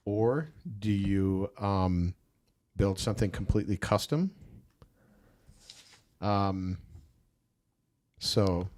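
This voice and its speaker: A man's voice: low voice, extremely slow, pauses often, darkish tone, no room sound, studio quality. A man from Wisconsin hosting a podcast, musing through questions with frequent restarts. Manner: musing, hesitant, with many restarts. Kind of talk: conversational podcast interview.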